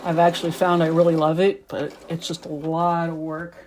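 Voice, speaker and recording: Chatty middle-aged woman quilter, low voice. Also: little pitch movement, moderate pace, darkish tone, slight background noise. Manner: rambling, chatty, talks while working. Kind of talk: casual chat while sewing.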